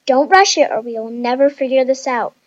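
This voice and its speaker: Brief: woman voicing a calm but bossy young woman in charge, high-pitched. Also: brisk, no echo, highs cut off. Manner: bossy, impatient.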